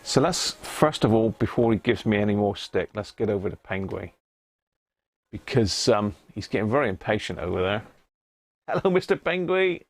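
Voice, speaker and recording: A man's voice: lowish voice, animated, normal speed, slight background noise. A man hosting a casual live stream about restoring an old radio, chatty and greeting viewers by name as he works.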